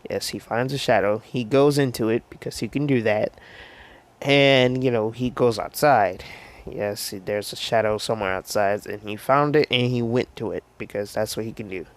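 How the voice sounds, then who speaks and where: A man's voice: on the low side, normal speed. A man casually retelling a fan story, rambling with slang and lots of fillers.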